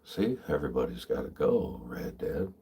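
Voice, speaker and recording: A man with a very deep, heavily husky voice chats on a livestream from behind the wheel. He rambles in loose, profane stories, laughing often at his own jokes. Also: big pitch swings, normal speed, warm tone. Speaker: livestreamer and tree climber. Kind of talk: casual livestream chat. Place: in a vehicle while driving.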